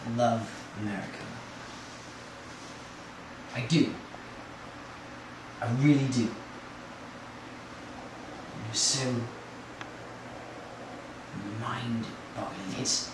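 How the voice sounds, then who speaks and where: A smugly menacing immigrant hustler, played by a man in an acting class muses in halting, repeated phrases. The echo of a large room swamps his voice. He is picked up from far off over steady background noise. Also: medium pitch. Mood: dreamy. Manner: halting, repetitive, quietly sinister musing. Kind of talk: acting-class film monologue. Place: large echoey studio kitchen. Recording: echoey room from far off, noisy.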